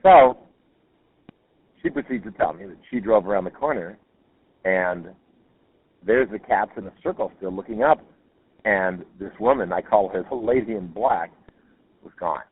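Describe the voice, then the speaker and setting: A man's voice: on the low side, lively intonation, normal speed, long pauses, breathy edge. A man telling a listener's ghost story in a rambling, casual way, with many fillers and self-corrections. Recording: tinny phone-line audio.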